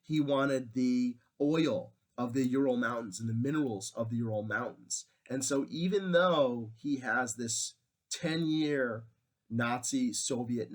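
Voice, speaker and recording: Guy teaching history, chatty lecture, lots of ums and you-knows, mid voice. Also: medium pitch. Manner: conversational, lots of fillers. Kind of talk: casual lecture.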